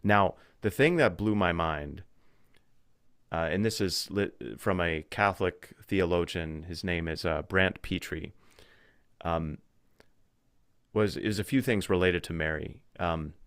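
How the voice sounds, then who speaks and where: Low, smooth-voiced man musing aloud. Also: unhurried, a bit bright, dry recording, clean studio sound. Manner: thoughtful, with frequent restarts and fillers. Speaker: podcast guest. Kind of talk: casual spiritual conversation.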